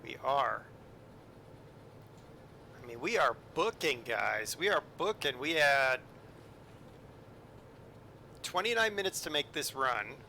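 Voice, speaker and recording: Bright-voiced jokey streamer guy. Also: mid-range voice, expressive, takes it slowly, creaky, pauses often, slight background noise. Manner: chatty, jokey, lots of ums and asides to chat. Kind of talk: casual live-stream commentary.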